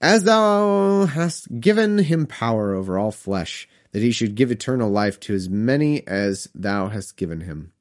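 A man's voice: fairly low pitch, sing-song. Man reading scripture with wry asides. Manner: slow, drawn-out reading broken by wry, self-mocking riffs. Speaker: comedic scripture reader.

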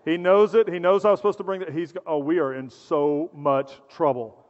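A man's voice: fairly high pitch, fairly even intonation, moderate pace, natural voice. A pastor voicing a worried male disciple in a sermon, muttering anxiously. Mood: panicked. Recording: dull sound in a reverberant hall.

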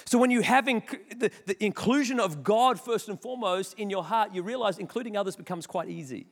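A man preaching a sermon, telling chatty stories with quick self-mocking asides. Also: high-pitched. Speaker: pastor. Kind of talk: sermon with storytelling. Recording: long hall reverb.

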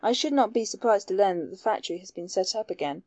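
A woman reading the part of a shrewd male investigator who explains his case in a measured, earnest way. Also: medium pitch, lively intonation, a little mellow, dry recording. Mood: determined.

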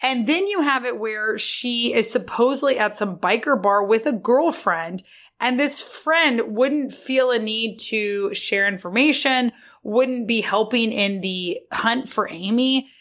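A woman's voice: a little high, measured pace, fairly bright tone. Casual woman thinking aloud on a podcast. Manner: loose, thinking aloud with fillers and restarts. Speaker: podcast co-host.

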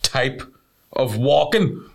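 Brief: Northern Irish male podcast co-host, animated comic storyteller, mid pitch, swears freely. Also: slow pace, creaky. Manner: animated storyteller, swears a lot, bursts into put-on voices. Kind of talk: casual comedic chat.

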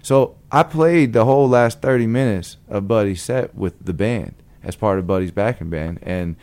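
A man from Long Beach, California, a blues guitarist, telling a story in a lively way and acting out the people in it. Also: lowish voice, normal speed. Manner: lively, acts out the other people in his stories. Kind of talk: animated storytelling.

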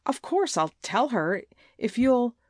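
A woman's voice: fairly high pitch, big pitch swings, slow pace, dry recording, studio quality, voice pushed up, full character voice. A woman doing a crafty, whining teenage schoolgirl. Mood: tearful. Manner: pleading, stammering, tearful.

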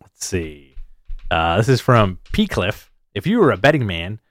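A man's voice: on the low side, sing-song, measured pace, fairly bright tone, no room sound, studio quality. A man co-hosting a casual live stream, reading viewer questions with wry, laid-back asides.

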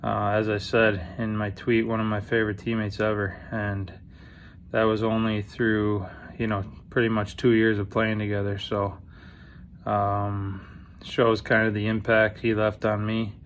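A man recording a subdued video tribute to a former teammate, halting with many fillers. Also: lowish voice, monotone, a little hiss or hum.

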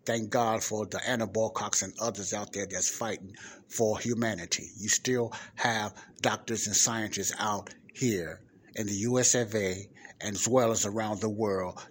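A man's voice: lowish voice, measured pace, slight background noise. A man hosting a podcast, giving emphatic commentary and putting questions straight to the listener. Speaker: podcast host. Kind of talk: casual commentary on a played clip.

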